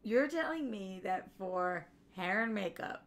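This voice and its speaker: A woman's voice: mid-range voice, expressive, a little slow. A woman guesting on a podcast, chatting casually and teasing the hosts. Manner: playful, teasing, laughs often. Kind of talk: casual chat.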